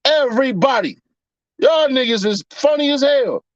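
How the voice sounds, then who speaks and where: A man's voice: very high voice, lively intonation, moderate pace, no room sound, lo-fi sound. A man in a casual, profane commentary rant, mocking his audience with rhetorical questions. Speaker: commentary vlogger.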